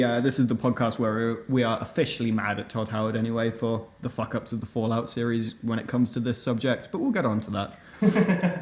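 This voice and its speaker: A man co-hosting a casual podcast, laid-back and dry, with sarcastic asides. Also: mid-range voice. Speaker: podcast co-host. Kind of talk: casual chat. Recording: echoey room.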